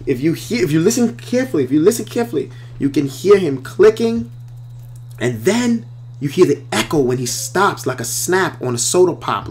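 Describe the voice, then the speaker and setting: A filmmaker reviewing his own trailer speaks in a mid-range voice over slight background noise. In this casual video commentary he talks directly to viewers with enthusiasm, repeating himself as he explains how a scene was made.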